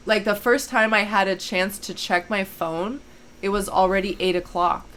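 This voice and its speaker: A woman chatting on a podcast, quick to agree and laughing along with the others. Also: mid-range voice, fairly even intonation, fairly bright tone, slight background noise. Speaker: podcast co-host. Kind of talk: casual chat.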